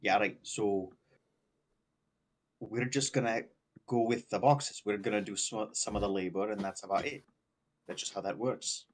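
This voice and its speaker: A man's voice: fairly low pitch, steady tone, moderate pace, pauses often. A man playing in a tabletop game, insistently spelling out the group's plan. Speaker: player. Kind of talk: casual chat during a tabletop game.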